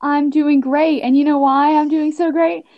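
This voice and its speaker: A woman's voice: high-pitched, little pitch movement, moderate pace, dry recording, lo-fi sound. A young woman co-hosting a casual podcast, teasing and playful. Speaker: co-host.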